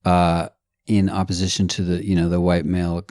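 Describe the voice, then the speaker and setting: A middle-aged man from the United States, a podcast guest chatting in an animated, digressive way that slips into playful voices. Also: deep voice, moderate pace, no echo. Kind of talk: casual conversation.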